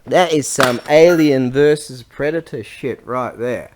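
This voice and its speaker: A man talking in a casual, rambling vlog monologue. He swears a lot, laughs often and sometimes drops to a low mutter while he works. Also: unhurried, noisy background. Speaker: vlogger.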